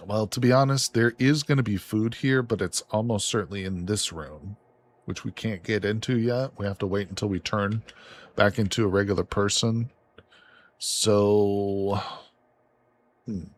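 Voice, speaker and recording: A man streaming a survival game live, reacting excitedly with swearing and laughter as he plays. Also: lowish voice, unhurried. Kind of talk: live gameplay commentary.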